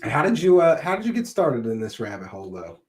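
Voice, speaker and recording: A man's voice: medium pitch, sing-song, fairly quick, darkish tone. A man with a Philadelphia accent hosting a casual interview, joking and laughing, calling his guest bro. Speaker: host.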